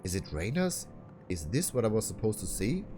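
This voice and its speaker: A man's voice: on the low side, sing-song, normal speed, over music. A man reading as a somber woman detective. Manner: plain reading-aloud.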